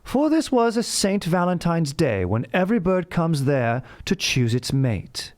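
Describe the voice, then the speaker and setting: A man's voice: a little high, sing-song, measured pace, voice pushed up. A man putting on a lofty British verse reciter. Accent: put-on British.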